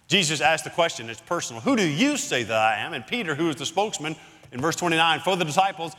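Male pastor, slightly high bright voice, expository sermon with emphatic pauses in a church sanctuary. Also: big pitch swings. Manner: expository Bible teaching, emphatic dramatic pauses. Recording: long hall reverb.

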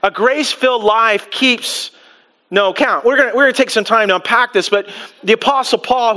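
A man preaching a sermon to a live congregation as pastor, animated, with frequent restarts and acted-out quotes. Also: high voice, clear, resonant tone. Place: church before a live congregation.

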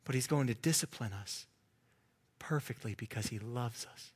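A man preaching a sermon as pastor, earnest, at times dropping to a soft hush. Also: mid-range voice, normal speed, breathy edge.

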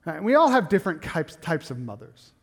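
A middle-aged man preaching a sermon in a church, animated and calling on the congregation to answer him. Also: on the high side, fairly quick, husky, long reverb tail. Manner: animated, asks the congregation to respond. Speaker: pastor.

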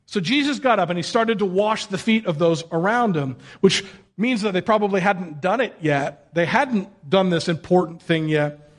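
A man delivers a conversational sermon in a slightly high voice. He talks casually and jokes as he tells the story. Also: moderate pace. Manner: casual, joking, animated storytelling. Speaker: pastor.

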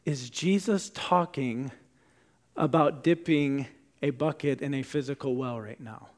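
A man preaching a sermon as a pastor, deliberate, dropping to a hushed voice on key words. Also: mid-range voice.

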